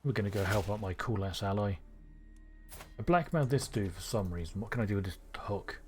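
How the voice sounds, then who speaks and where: A man streaming a strategy game live, thinking aloud with excitable bursts. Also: on the low side, brisk, soft background music.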